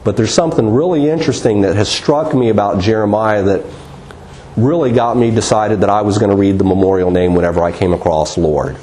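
A man's voice: lowish voice, warm tone. Earnest man teaching in an echoey room. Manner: earnest, repeats words and restarts, drawn-out emphasis. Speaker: Bible teacher. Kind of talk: slide-based teaching talk.

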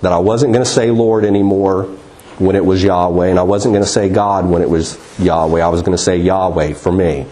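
A man giving a slide-based Bible teaching talk, earnest, with restarts and slow, drawn-out emphasis on key words. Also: low-pitched, fairly even intonation, mellow, reverberant, poor audio.

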